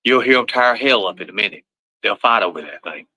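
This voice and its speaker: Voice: mid-range voice, lively intonation, fairly quick, pushed and bright, rough recording. A livestreamer, talking casually and profanely while scolding pets. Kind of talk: casual live-stream chat.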